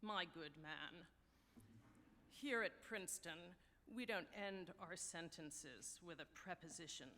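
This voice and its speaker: A woman's voice: lowish voice, takes it slowly, sharp tone, slight background noise, voice pushed down. Snooty male professor, put on by a woman speaker, haughty drawl, echoing hall. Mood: condescending. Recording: long hall reverb.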